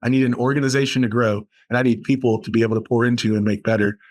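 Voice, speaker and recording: Speaking rapid-fire in a mid-range voice, this Boston man is a podcast interview guest. He tells lively, enthusiastic stories about the aviation program at his college.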